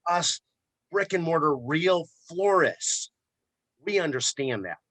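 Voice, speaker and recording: Bright-voiced florist man telling a story. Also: fairly high pitch, slow, no echo. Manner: animated storyteller who repeats words as he goes. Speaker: florist and shop owner. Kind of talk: casual storytelling in a podcast interview.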